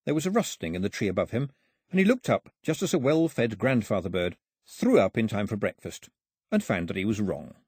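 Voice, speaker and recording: A man reading a novel aloud with wry, lively storytelling. His voice is husky, and his pitch moves a lot. The recording is dry and close. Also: fairly quick, no echo. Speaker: audiobook narrator. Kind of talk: scripted narration.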